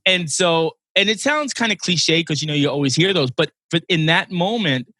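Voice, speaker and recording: Podcast host, male, 60s, bright pitched-up voice, earnest storyteller, dry close sound. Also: lively intonation, moderate pace, no room sound. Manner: earnest storytelling, emotional at times. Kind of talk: casual interview chat.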